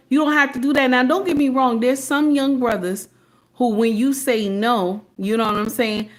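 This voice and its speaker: Sassy Southern woman lecturing her viewers. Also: a little high. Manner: preachy, sassy, talks straight to viewers with "baby" and "okay?". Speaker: livestream host. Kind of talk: casual livestream talk.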